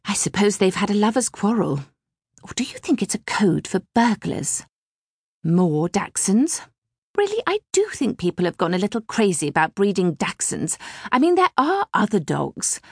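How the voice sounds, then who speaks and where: A woman reads a fussy middle-aged mother who chatters on and gossips. The voice swoops lively and carries a husky, gravelly edge, in a dry close recording. The manner stays prim and scandalised. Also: mid-range voice, normal speed, no echo, full character voice. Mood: gossipy. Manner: prattling, gossipy, easily scandalised. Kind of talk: audiobook character reading.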